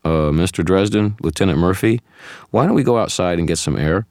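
A man's voice: sits low, animated, brisk, a little mellow, dry recording, studio quality, voice pushed up. A man reading the part of a nervous, skinny young male agent, hesitant and eager. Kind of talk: audiobook character voice.

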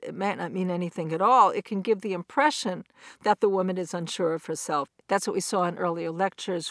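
A middle-aged woman giving a recorded academic lecture, explaining points step by step in a measured, clear way. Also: fairly low pitch, no echo, studio quality. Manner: measured, explanatory, with quoted examples.

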